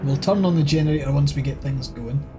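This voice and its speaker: Scottish man, slightly high voice, easygoing let's-play commentator who mutters and swears. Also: quick pace, over music. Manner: thinking aloud, swears casually, reads on-screen text. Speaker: gaming channel host.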